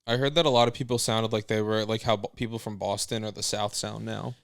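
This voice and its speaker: Young man, smooth rambling comedy chat. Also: on the low side, fairly even intonation, fast talker, dry recording, clean studio sound. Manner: rambling, trailing off mid-sentence. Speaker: podcast co-host.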